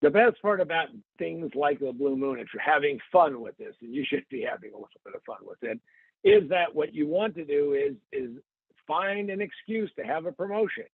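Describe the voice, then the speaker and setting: A man hosts a podcast in a loose, joking way, telling stories with playful asides. His voice sits a little high, with a gravelly, husky edge. It comes through a tinny, phone-like line with a dry sound. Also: lively intonation, brisk, dry recording. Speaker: podcast host. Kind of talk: casual comic podcast chat.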